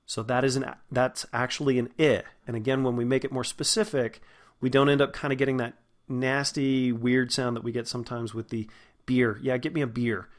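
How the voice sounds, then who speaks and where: A man giving a spoken lesson on English vowels, patiently demonstrating each sound and stretching words slowly. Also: mid-range voice, steady tone. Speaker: voice and diction teacher.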